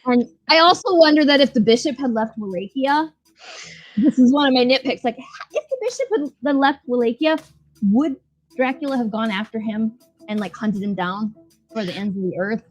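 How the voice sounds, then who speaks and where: A woman's voice: a little high, moderate pace, rough recording. Chatty woman recapping with a cusswords-heavy ramble. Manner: profane, rambling, with lots of fillers. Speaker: podcast co-host. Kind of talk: casual recap chat.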